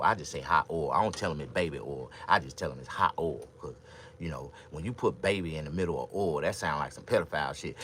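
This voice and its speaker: Deep-voiced man ranting crudely to viewers. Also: quick pace, a little hiss or hum. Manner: loud, crude, animated rambling with sudden shouts; drawling, repeats himself, thinks aloud. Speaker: vlogger. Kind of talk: casual comedic rant to viewers.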